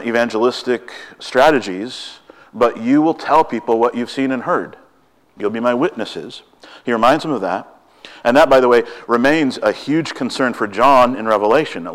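A man preaching a sermon, talking quickly and with excitement, often asking his listeners rhetorical questions. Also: mid-range voice.

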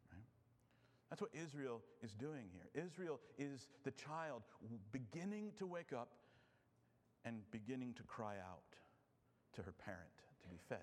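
A man preaching an expository sermon, earnest and rhetorical, often dropping soft to stress a point. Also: medium pitch. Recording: long hall reverb.

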